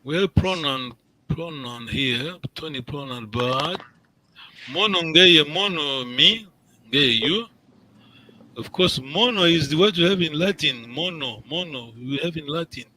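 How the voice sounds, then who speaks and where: A man's voice: fairly high pitch, moderate pace, sharp tone, slight background noise, low-quality recording. A man teaching an online language class, patient and encouraging, repeating words and checking in with his students.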